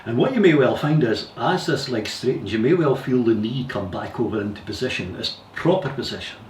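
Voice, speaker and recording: A man teaching yoga, giving calm, careful step-by-step guidance with repeated warnings to go slowly. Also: mid-range voice. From Scotland. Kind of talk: guided yoga instruction. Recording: echoey room, distant mic, faint hiss.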